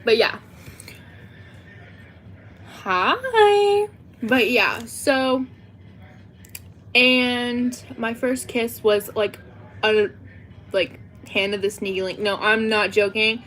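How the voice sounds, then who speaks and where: Teen girl streamer, Southern US accent, fairly high voice, chatty and giggly, faint background hiss. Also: little pitch movement, takes it slowly, a bit bright. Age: teens. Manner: chatty, giggly, talks to chat. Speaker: livestream host. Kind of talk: casual livestream chat.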